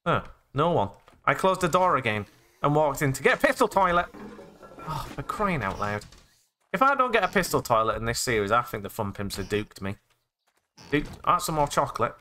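A man's voice: medium pitch, pushed and bright. An English man hosting a let's play, narrating his own in-game actions in past tense with playful jokes. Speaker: gaming channel host.

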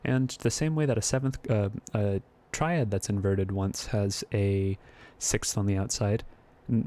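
A young man with a fairly low voice walks through a music theory lesson as if thinking aloud. He hesitates often, fills pauses and corrects himself mid-sentence, in a relaxed, unscripted way.

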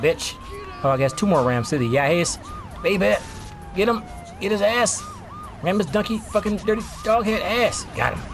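A young man giving casual gameplay commentary as a streamer, excitable and profane, with yelping outbursts. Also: high-pitched, normal speed, over music. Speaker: gaming streamer.

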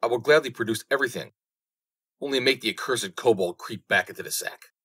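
A man's voice: mid-range voice, brisk, fairly bright tone, slightly rough, pitched above the performer's own voice. A man voicing a greedy, scheming male innkeeper in a storybook reading, with a sly, wheedling way of talking. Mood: pleading.

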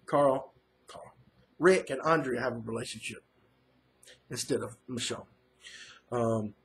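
A man's voice: medium pitch, a little hiss or hum. A man giving a casual, rambling recap of a comic book issue as a reviewer, full of fillers and restarts. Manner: rambling, filler-heavy retelling. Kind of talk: casual first-reaction recap.

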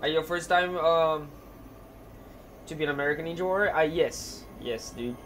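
A man's voice: on the high side, moderate pace, fairly bright tone, slight background noise. A young man live-streaming a game, talking casually and in a laid-back way, muttering to himself and greeting his chat.

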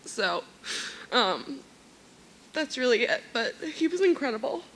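Bright-voiced woman giving a tearful eulogy. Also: fairly high pitch, big pitch swings, a little slow, a little hiss or hum, low-quality recording. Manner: emotional, tearful at times, earnest. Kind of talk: memorial speech. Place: church hall.

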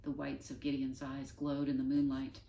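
A woman reading a children's book aloud in an expressive, unhurried way. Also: extremely low pitch, vocal fry, a little hiss or hum. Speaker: storyteller. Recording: roomy, distant mic.

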